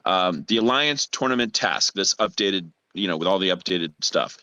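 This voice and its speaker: A man's voice: deep voice, animated, normal speed, sharp tone, dry recording. A man on a group call asking a question in a polite, apologetic way. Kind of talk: casual chat on a group call.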